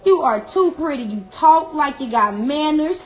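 A woman's voice: sits high, measured pace. A woman hairstylist talking live while doing a child's hair, emotional and encouraging, close to tears. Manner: lively, emphatic. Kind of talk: casual live-stream talk.

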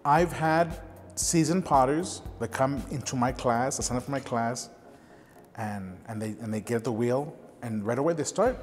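A middle-aged man who teaches ceramics speaks earnestly, telling stories from his classes in a documentary-style interview. His voice sits at an everyday middle pitch. It carries a long reverb, and faint music plays underneath. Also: moderate pace. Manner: earnest, storytelling with gestures.

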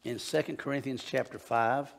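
A man preaching a sermon in a church, folksy and animated, bantering with the congregation. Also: medium pitch, moderate pace, vocal fry. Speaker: pastor. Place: church sanctuary.

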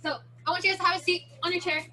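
A woman's voice: very high-pitched, level tone, rapid-fire, background noise. A teenage girl leading a daily challenge for a virtual kids' martial arts class, playful and chatty, explaining each step over a video call. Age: teen.

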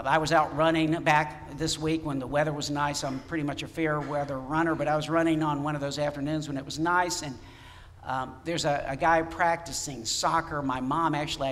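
A man's voice: a little high, little pitch movement, a little fast, a bit bright, a little hiss or hum. A man, a pastor preaching a sermon in conversational storytelling style, recounting dialogue with restarts. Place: church sanctuary. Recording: church hall reverb.

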